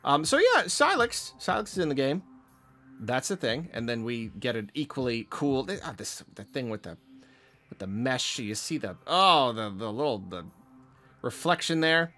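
A man's voice: mid-range voice, lively intonation, moderate pace, bright, forceful tone, soft background music. A man hosting a video game channel, giving enthusiastic, rambling reaction commentary on a trailer. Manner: enthusiastic, rambling with fillers and restarts.

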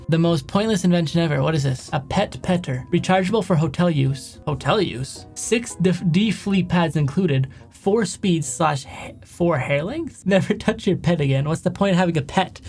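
A man's voice: high voice, darkish tone. A young man doing casual reaction commentary, rambling and correcting himself as he goes, often chuckling. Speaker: YouTube commentator.

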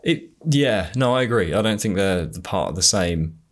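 A podcast host with a generic Southern English accent talks in a slightly low voice. He chats casually, hesitating and trailing off between thoughts. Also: lively intonation, normal speed. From England. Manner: hesitant, trailing off with many fillers. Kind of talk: casual chat.

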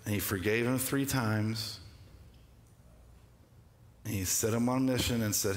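A man's voice: lowish voice, fairly even intonation, unhurried, pauses often, slight background noise. A man preaching a sermon as pastor, who calls on the congregation to repeat phrases back and builds to emphatic peaks. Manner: call-and-response preaching, rising emphatic delivery. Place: church sanctuary. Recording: echoey church hall.

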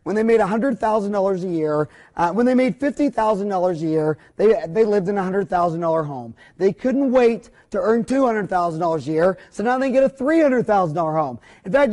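A middle-aged man lectures at a whiteboard in a high, reedy voice. He talks bluntly and opinionated, rambling along with folksy mild cursing. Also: mellow.

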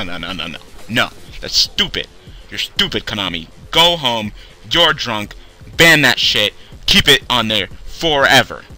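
Ranting young man, bright and swearing. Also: fairly high pitch. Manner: angry, swearing, sarcastic, swinging loud to mumbling. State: tired, low on energy. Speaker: YouTube card game video host. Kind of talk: profane rant to camera.

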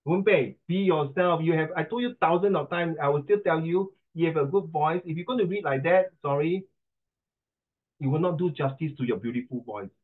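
A man's voice: fairly high pitch, a little fast. A middle-aged man with a Singaporean English accent, coaching pronunciation in an online class, chatty and teasing, slipping into Mandarin. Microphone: video call. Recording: tinny video call line.

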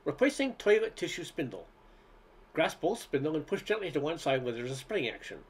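A man with a slightly higher than usual voice reads a humorous essay aloud. His delivery is wry and unhurried, the way a storyteller lets each joke land. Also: big pitch swings, breathy edge. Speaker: reader.

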